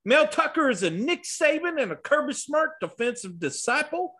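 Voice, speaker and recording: A man voicing a brash, foul-mouthed Southern sports bettor, doing a loud, cocky impression with a Southern accent on a podcast. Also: very high-pitched, very animated, normal speed, pitched above the performer's own voice, exaggerated voice.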